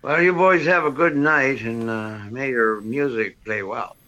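A man's voice: mid-range voice, unhurried, bright, forceful tone. An older man, a priest calling into a radio show, chatting and teasing in a folksy way. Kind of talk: casual phone chat.

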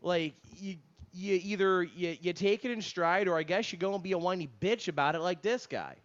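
A man's voice: sits high, brisk, fairly bright tone. A man co-hosting a casual chat, talking loosely with lots of fillers and swearing. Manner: loose, swearing, filler-heavy banter with frequent laughs. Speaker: podcast co-host. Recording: muffled lo-fi sound.

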